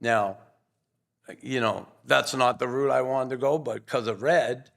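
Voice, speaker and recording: A man's voice: medium pitch, measured pace, vocal fry, fairly bright tone. An older man, a podcast guest, telling earnest, rambling stories in a casual interview. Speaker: guest, former pro hockey player.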